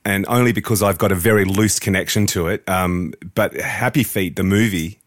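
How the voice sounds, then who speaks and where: A man's voice: low voice, moderate pace, dry recording, clean studio sound. A man in his forties from Australia, hosting a casual radio show and speaking earnestly and reflectively. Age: 40s.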